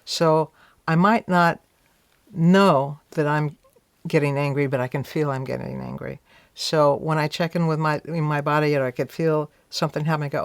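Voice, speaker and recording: A woman guest in an interview reflects on a story in a chatty way, peppering it with "you know" and speaking her past thoughts aloud. Her low, creaky voice holds a steady tone at normal speed, with no room sound.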